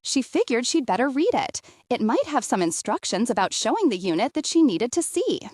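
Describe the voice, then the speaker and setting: A woman reading an audiobook aloud with an expressive storytelling delivery. Her voice is slightly husky and fairly high, with wide, lively intonation. The recording is dry and close. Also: normal speed, no room sound. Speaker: audiobook narrator. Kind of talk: scripted audiobook narration.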